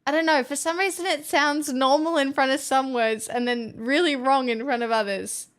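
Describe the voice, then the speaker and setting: With a high-pitched voice, a steady tone and a moderate pace, a young Australian woman makes casual conversation on a live stream. She comes across as playful and dramatic, often poking fun at herself.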